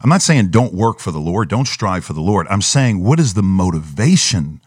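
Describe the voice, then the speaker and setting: A very low-voiced man talking as a pastor on a podcast, telling his story earnestly and sometimes acting out the doubting voice in his head. The sound is dry and close, with no room around it. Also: big pitch swings, a little fast, husky, no echo. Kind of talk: podcast conversation.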